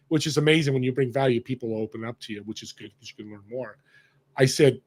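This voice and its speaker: A man guest on a podcast, telling stories in an animated, emphatic way and acting out the dialogue. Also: mid-range voice, a little fast. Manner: animated, emphatic storyteller who acts out dialogue. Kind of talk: storytelling in conversation.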